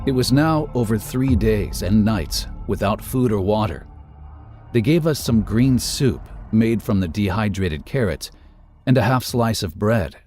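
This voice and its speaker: A man narrating a first-person memoir in a measured, somber reading for a podcast. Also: lowish voice, animated, darkish tone, faint music behind.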